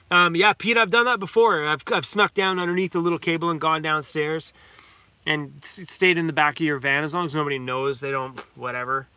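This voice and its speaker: A man's voice: fairly high pitch, steady tone, normal speed, sharp tone, clear, resonant tone, dry recording. A man, hosting a casual livestream chat in a rambling, heartfelt way and talking fondly to his dog. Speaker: vlogger host.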